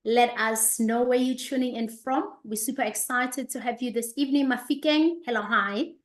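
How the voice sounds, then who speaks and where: A woman in her thirties hosting an online business session, greeting viewers by name and place with lively enthusiasm. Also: on the high side, moderate pace. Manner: energetic, repeats greetings, reads out viewers' locations. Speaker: host of an online business presentation. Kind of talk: upbeat live-stream greeting and presentation. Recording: echoey room.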